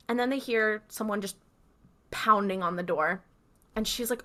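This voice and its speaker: A woman's voice: a little high, normal speed, bright, forceful tone. A young woman co-hosting a podcast, chatting casually and retelling scenes by acting out the characters' lines. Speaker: podcast co-host. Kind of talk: casual recap chat.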